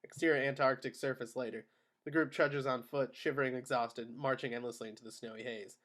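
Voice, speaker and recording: A man narrating the stage directions of a screenplay at a table read in a steady, matter-of-fact way. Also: mid-range voice, fairly quick. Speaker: narrator of action lines.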